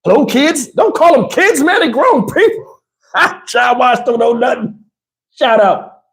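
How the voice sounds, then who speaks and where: A man's voice: extremely high pitch, big pitch swings, slow pace, creaky, fairly bright tone. A middle-aged man with a Southern US accent hosting a casual livestream, loose and chatty, laughing often and acting out movie lines. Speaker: livestream host. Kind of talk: casual live chat reading donations.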